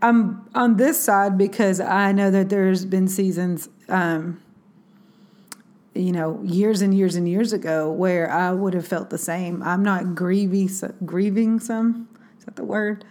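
A woman's voice: medium pitch, steady tone, takes it slowly, darkish tone. A woman in a casual faith talk, speaking earnestly and reflectively, with many fillers and restarts. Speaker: Christian speaker.

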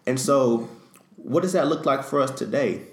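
A man's voice: mid-range voice, normal speed. A man co-hosting a faith discussion, talking in an earnest, teaching way. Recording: echoey room.

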